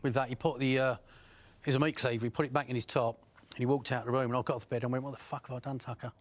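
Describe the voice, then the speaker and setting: A middle-aged man speaks in a mid-range voice. He tells his story bluntly and swears often. His talk is broken by pauses and fillers. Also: mid-range voice, flat delivery. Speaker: former criminal interviewee. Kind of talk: first-person recollection.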